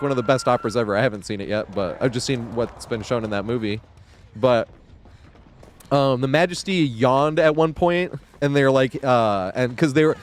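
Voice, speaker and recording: A man's voice: medium pitch, a little hiss or hum. A man streaming a game, chatting casually and retelling a favorite movie at length, with many fillers.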